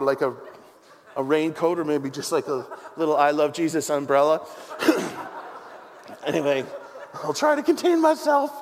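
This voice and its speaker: High-voiced joking pastor in a reverberant hall. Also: male voice. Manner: animated, joking storyteller with self-deprecating asides. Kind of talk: sermon. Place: church hall with congregation.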